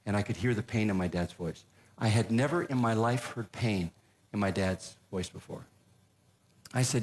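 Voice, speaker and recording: An older man telling a humorous personal story as a speaker, folksy, with deadpan punchlines and frequent restarts. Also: on the low side, normal speed. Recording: echoey room with faint noise.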